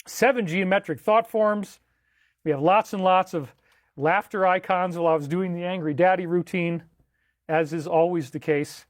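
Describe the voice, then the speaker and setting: A man's voice: sits high, normal speed. A man chatting casually on his own live stream, loose and rambling as he thanks viewers for joining and donating. The sound is close and dry, with no room echo. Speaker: livestream host. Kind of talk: casual livestream chat.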